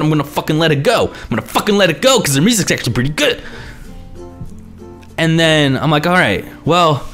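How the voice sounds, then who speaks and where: A young man vlogging, his pitch swinging up and down as he rants about whatever is bugging him. He swears constantly and tosses in exasperated asides. Faint music plays quietly behind him. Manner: profane, animated ranting with exasperated asides. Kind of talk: ranting vlog monologue.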